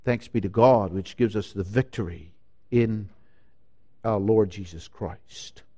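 A man preaching a sermon, slow and emphatic, rising to loud declarations and dropping to hushed lines. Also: lowish voice. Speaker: pastor.

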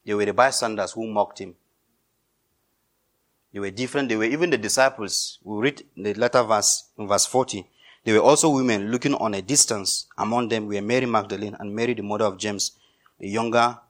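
A man delivers a sermon as a pastor, his voice sitting a little low. He preaches emphatically, repeating phrases and swinging from loud insistence to hushed intensity. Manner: emphatic, repetitive preaching with rising and falling intensity.

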